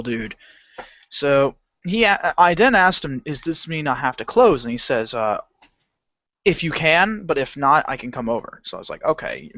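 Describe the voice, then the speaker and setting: A man on a podcast telling a work story in casual chat, animated, swearing often and acting out his customers. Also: on the high side, no echo. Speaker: podcast co-host. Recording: dull lo-fi home recording.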